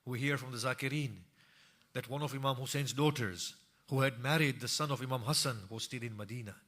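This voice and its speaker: A man preaching a mournful sermon, telling a tragic story in a grieving recital that sinks to hushed tones and swells into impassioned cries. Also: mid-range voice, brisk.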